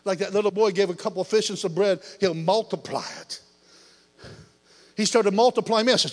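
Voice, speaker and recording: A man preaching a lively sermon, telling his testimony with shouts, jokes and laughter. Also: sits high, a little fast, long reverb tail.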